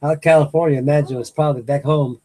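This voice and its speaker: An older man, talking in a meandering, folksy way to his viewers. His voice is husky and sits a little high for a man. He often stops partway through a sentence and starts it again. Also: steady tone, fast talker, dark tone. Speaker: host of a live stream. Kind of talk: rambling casual chat to viewers. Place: home at night.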